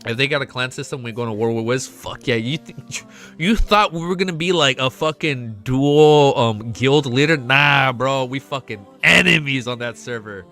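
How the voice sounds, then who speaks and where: एक उत्साही अमेरिकी लहजे वाला आदमी, लाइवस्ट्रीम पर बेफ़िक्र बातें करता हुआ, तेज़ और चमकदार आवाज़, पीछे हल्का संगीत।. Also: male voice, normal speed, faint music behind. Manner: excitable, swears freely, jumps between high and low pitch. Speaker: livestream host. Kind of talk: casual stream chat.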